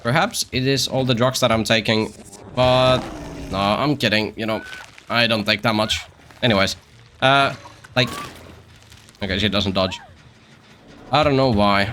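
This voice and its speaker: Bright-voiced man rambling while gaming. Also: mid-range voice, slight background noise. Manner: rambling, joking, talks to himself and other players. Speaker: streamer. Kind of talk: casual live-stream gameplay commentary.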